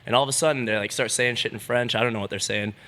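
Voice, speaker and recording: Bright-voiced young man telling a wild story. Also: medium pitch, fairly even intonation, rapid-fire. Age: young adult. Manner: laid-back, swears freely, lots of "like". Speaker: BMX rider, podcast guest. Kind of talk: casual storytelling.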